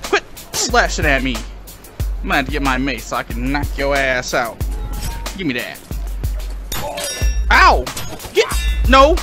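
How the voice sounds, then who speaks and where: A gamer giving excited commentary while playing a VR sword game, shouting battle cries, trash-talking enemies and laughing often. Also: mid-range voice, normal speed. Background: hip hop music.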